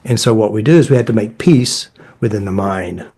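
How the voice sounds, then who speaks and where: A man's voice: fairly low pitch, a little fast, slightly rough. A middle-aged man, a therapist, telling stories in a casual conversation. His phrasing is blunt and folksy, and he slips into voices to act out quoted dialogue. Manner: animated, acts out quoted dialogue in shifting voices. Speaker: therapist and creator of a healing method.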